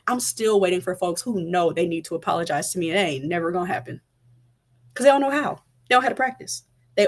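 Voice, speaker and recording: A woman in her thirties, a mother of toddlers, giving casual parenting advice to viewers on a live stream in a direct, chatty way. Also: on the low side. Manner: chatty, direct, addresses viewers, many fillers like "like" and "right?".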